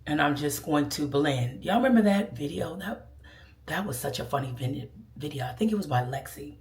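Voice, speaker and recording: A woman's voice: low-pitched, animated, moderate pace, a little mellow. A woman giving a casual makeup tutorial, chatty and sassy, calling viewers girl and child. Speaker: beauty vlogger. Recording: echoey room.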